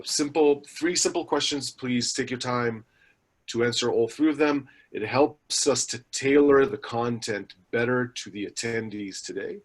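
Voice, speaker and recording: Man moderating a webinar. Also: medium pitch. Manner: reads announcements with fillers and small restarts. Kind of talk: scripted webinar introduction.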